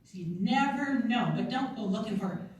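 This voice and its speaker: A Canadian sales consultant gives a casual, chatty motivational talk to a room at a retreat in a conference room, laughing often and acting out little quotes. Her voice is a little high with a darkish tone and lively intonation at normal speed, picked up by a distant mic in an echoey hall.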